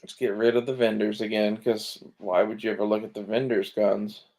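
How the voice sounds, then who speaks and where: A man with a low voice full of gravelly fry drifts through casual commentary. He sounds sleepy and unhurried, swears freely and trails off into fillers as he browses. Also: level tone, a little mellow. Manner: laid-back, swears often, trails off with fillers. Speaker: gun vlogger browsing listings.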